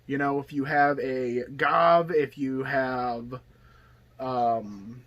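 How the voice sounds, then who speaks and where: A man's voice: mid-range voice, steady tone, extremely slow, a bit bright, dull audio. A man casually talking through his card game deck, rambling and chatty, filling his talk with okay and you know. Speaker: deck tech host. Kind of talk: casual hobby video talk.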